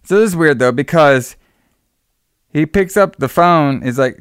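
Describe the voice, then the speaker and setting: Smooth-voiced man swearing through a movie recap. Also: fairly high pitch, lively intonation, measured pace, fairly bright tone, dry recording, studio quality. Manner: profane, laughing, acts out characters' lines. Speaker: podcast co-host. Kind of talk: casual movie recap chat.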